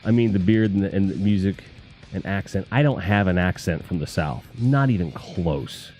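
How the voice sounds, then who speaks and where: A man's voice: low voice, moderate pace, a little mellow, faint music behind. A man from the Northeast US, hosting a casual live stream, reading chat comments in a rambling, profane, jokey way.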